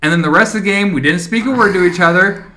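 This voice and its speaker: A man in his thirties co-hosts a casual podcast from a small home studio. His voice is bright and forward, and he rambles through a profane story, jumping into other people's voices as he tells it. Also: high-pitched, fast talker, slight background noise. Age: 30s. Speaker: podcast co-host. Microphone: studio mic.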